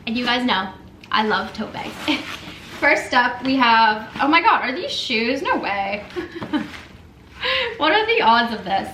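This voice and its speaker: A young woman talks through an unboxing in a bright, slightly high voice, gushing and filler-laden, close to tears. The room around her rings with echo, and a faint ambient hum sits underneath. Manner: gushing, emotional, chatty with many fillers. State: tearful. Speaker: lifestyle vlogger. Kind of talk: casual unboxing chat.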